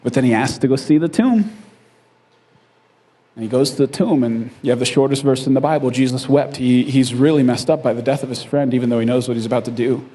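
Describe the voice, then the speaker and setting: A man's voice: mid-range voice, a little fast. A man preaching a sermon in a conversational, storytelling way, often checking in with the congregation and chuckling along the way. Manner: conversational storytelling, frequent "right?" asides; animated, chuckling at his own lines. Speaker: pastor.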